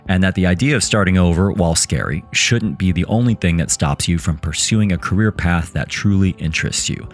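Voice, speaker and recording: Male podcast host, very low voice, polished upbeat read, faint music bed. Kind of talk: scripted intro and interview.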